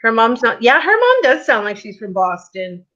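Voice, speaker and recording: A woman's voice: fairly high pitch, sing-song, moderate pace, pushed and bright. A woman hosting a livestream, chatting easily and laughing along with her guest. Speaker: channel host. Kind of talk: casual livestream chat. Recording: muffled lo-fi stream audio.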